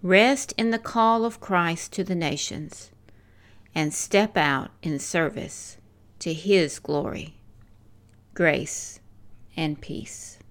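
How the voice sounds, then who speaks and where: An older woman reading a devotional in a slow, measured, earnest way, as a missionary speaker. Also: on the low side.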